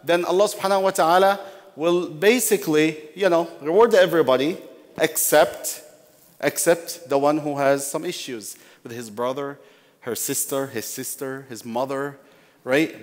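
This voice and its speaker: A man's voice: fairly high pitch, normal speed. A man teaching a workshop in a sermon-like way, repeating key phrases for emphasis and addressing his listeners as brothers. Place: large mosque hall. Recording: long hall reverb.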